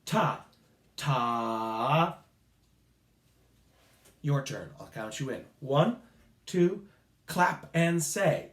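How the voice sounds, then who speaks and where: A man teaching children rhythm in a playful call-and-response lesson, chanting beats and syllables in a sing-song way. His voice sits a little high, and he speaks slowly and deliberately. The sound carries a noticeable room echo. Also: big pitch swings. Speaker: music teacher.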